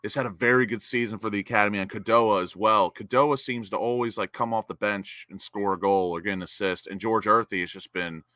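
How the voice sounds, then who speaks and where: A young man hosts a live football watch-along stream. His voice is bright and forward, and the sound is close and dry. He chats with viewers, then bursts into excitement whenever the play picks up. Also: lowish voice, a little fast, hardly any pauses, no room sound. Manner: excitable, reads chat names and cheers goals.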